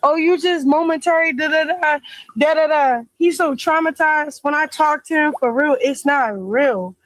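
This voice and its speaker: A woman's voice: high voice, normal speed, no room sound, poor audio. A woman talking casually on a livestream, rambling and emphatic, often repeating herself. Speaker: interviewee in a played clip.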